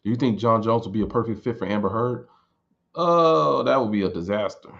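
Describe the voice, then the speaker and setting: A man in his late thirties chats loosely with his viewers. His voice sits a bit low, and he wanders and repeats words as he thinks. The recording sounds dull and lo-fi. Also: fairly quick, gravelly. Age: 30s. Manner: relaxed, rambling, repeats words while thinking. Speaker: streamer answering viewer questions. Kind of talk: casual chat.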